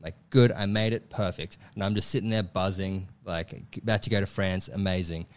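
A man's voice: sits low, moderate pace, clean tone. A young man telling a funny personal story in a casual chat, laughing often and acting out what people said. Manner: animated, laughs often, acts out voices in quotes. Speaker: comedian guest telling a story.

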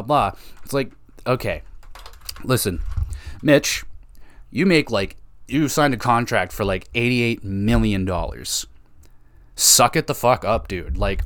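A young man rants on his hockey podcast, swearing and mocking in a frustrated tone. His voice sits a little low. He talks in loose, casual bursts. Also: fairly bright tone. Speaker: podcast host. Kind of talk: ranting hockey podcast commentary.

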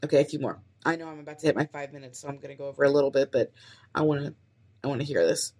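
A woman's voice: rumbling low, fairly even intonation, racing, darkish tone. A young woman in her twenties testing podcast intros alone, thinking aloud and trying out upbeat greetings between comments. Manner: tries out upbeat intro lines, then comments on them. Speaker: aspiring podcast host. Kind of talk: solo test recording, thinking aloud.

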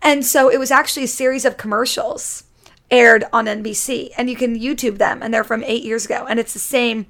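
A woman in her twenties, a guest on a podcast, chatting in an animated way and saying "like" a lot. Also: a little high, fairly quick. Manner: chatty and animated, fills speech with "like". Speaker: podcast guest, actor and YouTuber. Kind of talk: casual chat.

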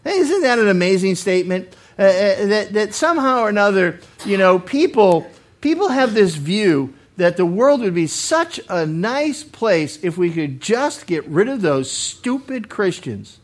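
High-voiced pastor, earnest, halting. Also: male voice, sing-song. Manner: earnest, often repeats words while restarting; acts out quoted speakers with sudden loud lines. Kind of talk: verse-by-verse Bible study sermon.

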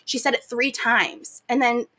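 A woman co-hosting a podcast, telling a personal story in casual chat, expressive and reflective. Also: fairly high pitch, unhurried. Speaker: podcast co-host.

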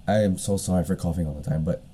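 This solo podcast host has a low, dark, slightly rough voice. He rambles casually through a retold story, leaning on fillers and coughing now and then.

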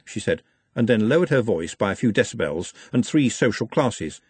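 A man narrates an audiobook with a wry, animated delivery and a lively rise and fall. His voice has a husky edge, recorded dry and close with no room sound. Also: lowish voice, normal speed, dry recording.

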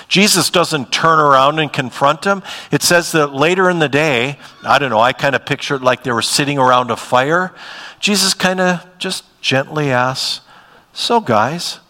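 Bright-voiced pastor preaching in a hall. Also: male voice, mid-range voice. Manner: conversational preaching with wide swings from emphatic to hushed. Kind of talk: sermon. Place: church sanctuary.

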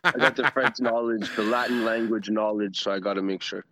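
A man's voice: lowish voice, steady tone, a little fast, bright, forceful tone. A man co-hosting a livestream in casual chat, chatty and teasing with frequent laughs. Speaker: co-host.

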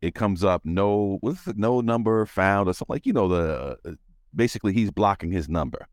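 Profane, low-voiced storytelling man. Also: a little fast, dry recording, clean studio sound. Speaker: podcast host. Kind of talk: casual chat.

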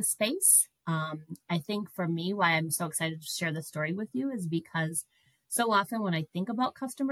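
A middle-aged woman guest telling a personal story in an animated way, breaking into laughter. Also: fairly low pitch, no echo, low-quality recording.

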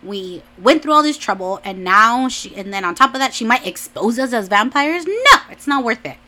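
An exasperated young vampire girl snaps in a high, indignant voice, thoroughly fed up, as a woman puts her on. The sound is bright and sharp. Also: very animated, normal speed, slight background noise.

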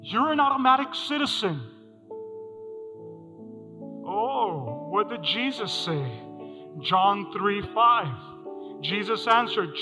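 A man's voice: high voice, lively intonation, a little slow, pauses often. A man preaching a sermon as pastor to a congregation, asking them questions and repeating his key lines. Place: church hall. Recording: music under a hall reverb.

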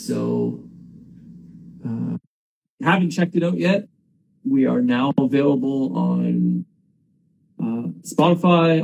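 A man's voice: mid-range voice, creaky, a little mellow. A man hosting a casual podcast, talking loosely and sarcastically with plenty of swearing. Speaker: podcast host.

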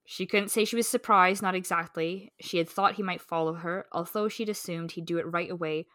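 A woman's voice: fairly low pitch, fairly even intonation, a little fast, few pauses, pushed and bright, no echo, studio quality. A woman co-hosting a book podcast, chatting casually with lots of "like" and "um" and reading romance passages aloud. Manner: chatty, lots of "like" and "um", reads prose smoothly.

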